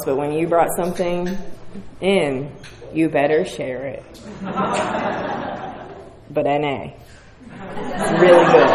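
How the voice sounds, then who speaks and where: A woman, telling her recovery story to a meeting in a frank, profane, self-mocking way. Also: lowish voice. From West Virginia. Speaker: speaker sharing at a recovery meeting. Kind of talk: candid recovery share. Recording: roomy hall with faint audience.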